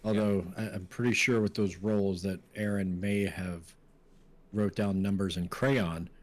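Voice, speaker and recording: A man's voice: sits low, steady tone, unhurried, darkish tone. Joking male tabletop player. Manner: joking, casual. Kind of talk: casual tabletop play.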